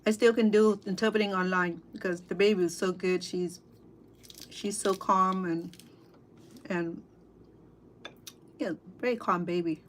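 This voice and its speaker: A middle-aged woman with a Cambodian accent, chatting casually with livestream viewers over dinner at home, halting, full of fillers and restarts. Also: on the low side, fairly even intonation, a little hiss or hum. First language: Khmer. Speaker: cooking vlogger and interpreter. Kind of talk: casual livestream chat while eating.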